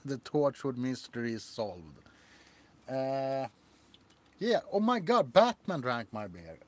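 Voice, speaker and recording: On a livestream, an ASMR creator with a medium-pitched, sing-song voice chats casually about shows and his ASMR characters. He rambles and laughs, speaking slowly and haltingly.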